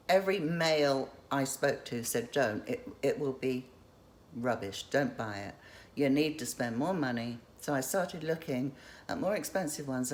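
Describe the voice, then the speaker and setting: An Englishwoman with an extremely low-pitched voice rambles through a casual show-and-tell vlog, showing what she has stored. She's chatty and keeps interrupting herself, and there's a little hiss or hum on the recording.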